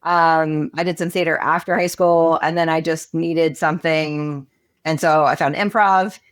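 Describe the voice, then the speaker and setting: Woman, podcast guest, lowish voice, chatty, expressive, casual interview talk. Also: a little slow, clear, resonant tone.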